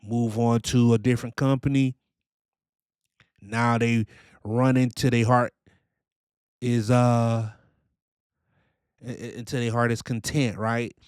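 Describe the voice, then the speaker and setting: A man's voice: medium pitch, level tone, takes it slowly, long pauses, darkish tone, clear, resonant tone, no echo, studio quality. A man hosting a reaction video, giving casual commentary in laid-back slang and tagging his points with questions.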